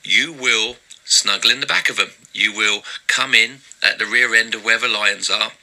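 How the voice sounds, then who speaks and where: A man voicing a stern male lion guard who gives firm, deep-voiced warnings. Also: moderate pace, vocal fry, bright, forceful tone, exaggerated voice, poor audio. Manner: firm, instructive.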